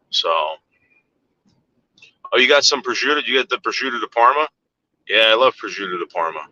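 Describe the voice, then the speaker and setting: A man's voice: fairly low pitch, bright, forceful tone, no echo, dull audio. A man in casual chat, telling a story in a rambling, profane way with frequent repeated words and restarts.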